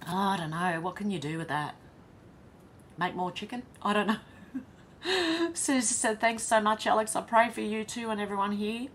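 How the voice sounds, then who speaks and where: A woman's voice: mid-range voice, normal speed, slight background noise. An Australian woman hosting a casual livestream, reading viewer comments aloud and reacting with laughs. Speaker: livestream host reading chat. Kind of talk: casual live chat.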